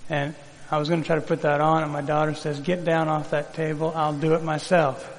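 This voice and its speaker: A man's voice: fairly high pitch, flat delivery, brisk, long reverb tail, a little hiss or hum, rough recording. A man preaching a sermon in a folksy, conversational way, calling on the congregation to repeat words back. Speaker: pastor.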